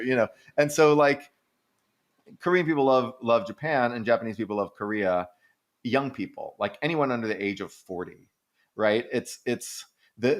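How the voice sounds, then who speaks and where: A podcast co-host answering listener questions, this man chats casually in a medium-pitched voice, rambling through animated stories packed with "like" and casual swearing. He acts out the people he quotes in exaggerated voices and laughs often.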